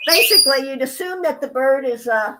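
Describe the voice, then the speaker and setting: A hospice nurse and animal rescuer tells chatty stories as an interview guest, chuckling frequently and making asides to her parrot. Her high voice is animated, brisk, pushed, and bright, and the rough recording carries slight background noise.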